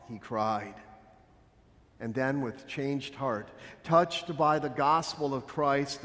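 A man as pastor, reading scripture and preaching a Good Friday sermon in an earnest, measured way with dramatic pauses. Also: mid-range voice, big-room sound. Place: church.

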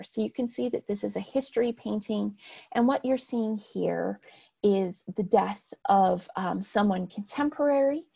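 A woman's voice: mid-range voice, creaky, dark tone, breathy edge. A woman lecturing on art history over slides, explaining in a plain way with frequent "um" and "right".

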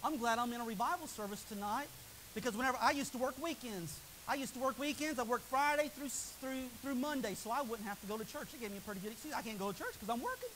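A man preaching a revival sermon, his voice often taken for a woman's, swinging from soaring high shouts to hushed low asides. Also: animated, fast, slight background noise, poor audio.

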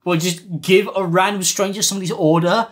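Host type: guy, a little high-pitched, exasperated, swears casually. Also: fairly even intonation, a little fast. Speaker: commentary YouTuber. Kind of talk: casual commentary.

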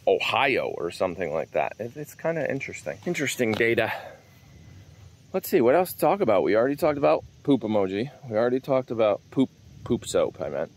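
A man's voice: medium pitch, a little hiss or hum. A man vlogging outdoors on his farm, chatting casually to viewers while walking and calling after his dog. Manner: chatty, easygoing, calls out to a wandering dog. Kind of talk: casual rambling chat.

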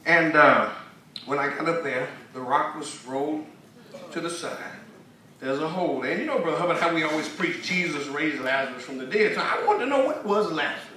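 A man from Texas, telling a folksy story in a sermon that builds into shouted preaching, recorded in a church sanctuary from a distance. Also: on the high side, expressive, fairly quick. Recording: echoey hall from far off with congregation.

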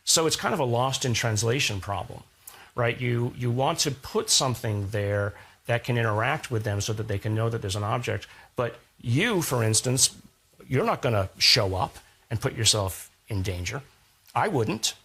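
A man's voice: medium pitch, expressive, normal speed, fairly bright tone, husky. A man being interviewed as a scientist guest, explaining ideas through analogies and rhetorical questions in a thoughtful, conversational way.

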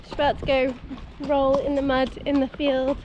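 A woman's voice: sits high, monotone, moderate pace, highs cut off, noisy background. A woman vlogging outdoors at the stables, chatty and upbeat, laughing often and a little out of breath. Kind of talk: casual vlog narration. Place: outdoors at a stable field, windy.

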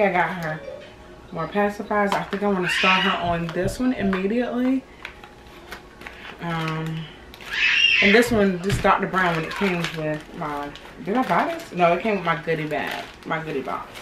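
A woman's voice: fairly low pitch, very noisy. A pregnant woman in her thirties chatting casually to viewers, a bit out of breath, calling them y'all as she goes. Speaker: vlogger, expectant mother. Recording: echoey home room, distant camera mic.

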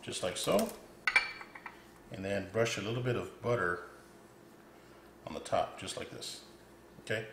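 Hosting a casual cooking demo, this man talks to viewers and calls them guys, his lowish voice animated and unhurried with long pauses. He's recorded in an echoey room with background noise.

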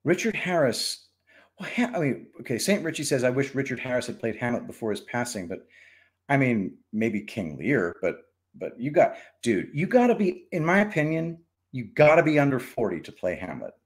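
A man's voice: mid-range voice, sing-song, moderate pace. A man hosting a casual live stream, reading chat and giving rambling, opinionated takes with frequent restarts.

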